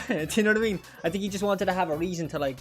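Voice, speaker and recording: A man's voice: high-pitched, quick pace, faint music behind. A young man, streaming a game with crude jokes and frequent laughter. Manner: crude, joking, laughs often. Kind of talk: live gameplay commentary.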